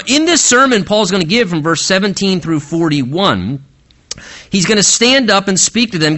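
A male pastor preaching a sermon, explaining scripture verse by verse and slowing down earnestly to stress key phrases. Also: on the high side, pushed and bright.

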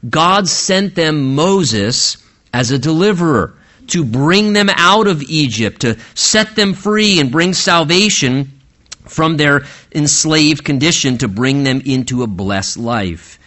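A male pastor delivers an expository sermon, walking through scripture passage by passage. His voice is bright and sits a little high, and he slows down deliberately to stress the key phrases. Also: animated. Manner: earnest expository preaching, slowing for emphasis on key phrases.

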